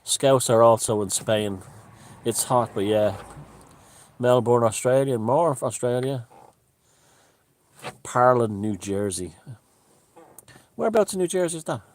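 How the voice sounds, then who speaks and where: A man hosting a casual live stream from a room at home, greeting viewers and chatting in a relaxed way. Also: medium pitch, a little slow, pauses often, slight background noise. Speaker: livestream host. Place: room at home with the window open.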